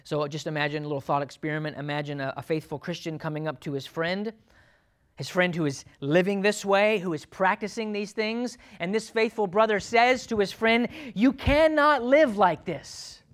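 A male pastor preaching a sermon to his church, swinging from loud urgent pleading to quiet, low, earnest asides. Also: fairly even intonation, a little fast.

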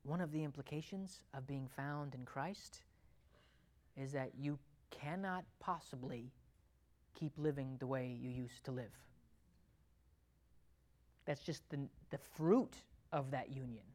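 A woman preaching a sermon. She repeats her key points, asks the congregation questions, and swings between loud and quiet delivery. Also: extremely low pitch, slow, long pauses.

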